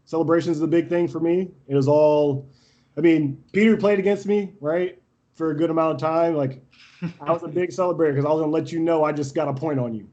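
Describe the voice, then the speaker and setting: Brash young man guest, a touch high-pitched, animated storyteller who laughs a lot. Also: quick pace, highs cut off. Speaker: podcast guest, volleyball coach. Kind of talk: casual storytelling interview.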